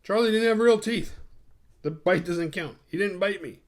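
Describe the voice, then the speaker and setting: A man's voice: high-pitched, moderate pace, pitched above the performer's own voice, lightly acted. A man voicing a flustered young man who stammers and gets defensive. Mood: relieved.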